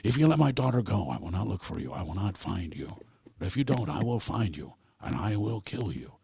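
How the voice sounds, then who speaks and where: A man's voice: lowish voice, big pitch swings, brisk, vocal fry, husky, dry recording, clean studio sound, pitched below the performer's own voice, full character voice. A man impersonating a cold, menacing action hero. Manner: quiet, clipped threats.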